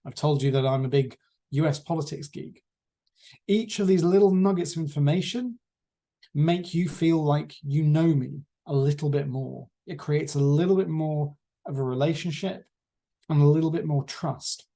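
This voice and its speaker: A man teaching a class on presentation skills, lecturing in a measured way with deliberate pauses. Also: fairly high pitch, dark tone.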